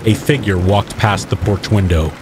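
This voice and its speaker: A man narrating a first-person horror tale with steady, measured delivery. His voice sits low, and a faint patter of rain plays softly underneath. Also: noisy background. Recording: faint rain ambience mixed behind the voice.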